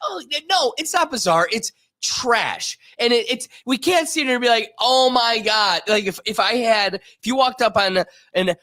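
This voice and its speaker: A man's voice: very high-pitched, animated, moderate pace, few pauses, sharp tone, no room sound, clean studio sound. A man co-hosting a sports podcast in casual chat, emphatic and acting out little scenes. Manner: emphatic, acts out scenarios. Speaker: podcast co-host.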